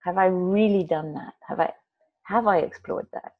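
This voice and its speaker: A woman's voice: fairly low pitch, normal speed. A woman telling a personal story in casual conversation, rambling with many restarts and fillers and acting out voices. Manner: animated, acts out quoted voices. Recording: slightly muffled recording.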